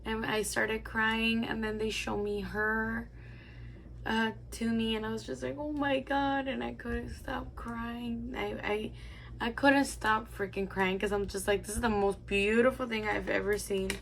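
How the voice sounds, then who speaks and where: A woman's voice: a little high, fairly even intonation, a little slow, creaky, a little hiss or hum. A young woman vlogger chatting casually, filling her talk with "like" as she tells a personal story while doing her makeup. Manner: chatty, rambling, lots of "like" fillers. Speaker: beauty vlogger.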